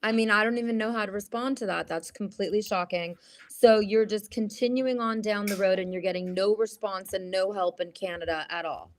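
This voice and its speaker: A woman's voice: mid-range voice, fairly even intonation, a little fast. A woman hosting a live news interview, asking short reactive questions. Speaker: host.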